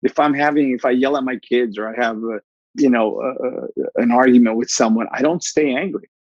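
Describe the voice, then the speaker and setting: A man, a life coach and podcast guest, telling stories in a blunt, animated way and swearing casually. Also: medium pitch, a little fast, no echo, muffled recording. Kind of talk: casual interview storytelling.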